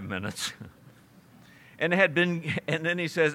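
Bright-voiced man preaching a sermon. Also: a little high, big pitch swings, slow, pauses often. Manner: conversational preaching, reads scripture aloud, chuckles. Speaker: pastor.

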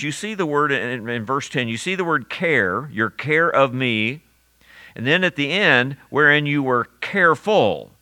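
Bright-voiced man preaching a sermon. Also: mid-range voice, dry recording. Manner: teaching verse by verse with emphatic repetition. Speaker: pastor.

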